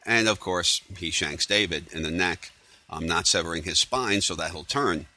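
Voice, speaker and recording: A man's voice: low voice, moderate pace, bright, forceful tone. A man casually recapping a TV episode on his own, rambling with lots of fillers and sarcastic asides. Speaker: TV recap vlogger.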